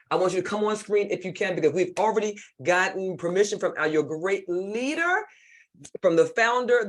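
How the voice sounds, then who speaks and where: A woman from the United States with a Southern drawl, leading an online leadership workshop in a lively, folksy and playful way. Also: lowish voice. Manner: animated, folksy, playful, repeats herself. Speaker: leadership speaker. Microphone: computer mic on a video call.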